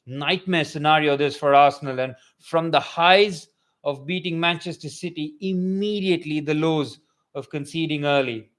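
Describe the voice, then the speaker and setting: A young man giving excitable live match commentary for a fan watchalong, swinging from calm play-by-play to loud bursts. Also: on the high side, normal speed.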